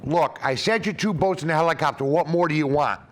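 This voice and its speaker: A man's voice: a little high, a little fast, lightly acted. A man voicing Jesus in a joke, dry and matter-of-fact. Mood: exasperated. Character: dry, exasperated Jesus in heaven.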